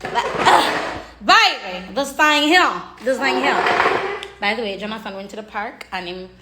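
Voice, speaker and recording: A woman's voice: fairly high pitch, expressive, measured pace, reverberant, very noisy. A woman with a Jamaican accent chatting casually on a livestream, sassy and talkative, calling her viewers honey and baby. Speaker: makeup artist and livestream host. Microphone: phone on a makeshift tripod.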